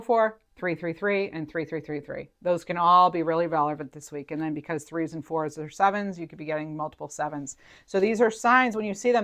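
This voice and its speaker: A woman with a low voice reads tarot cards for her viewers in a loose, chatty way. She thinks aloud, circles back with fillers, and lets her feelings show. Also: a bit bright. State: near tears at moments. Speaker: tarot reader. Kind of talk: intuitive tarot reading to camera.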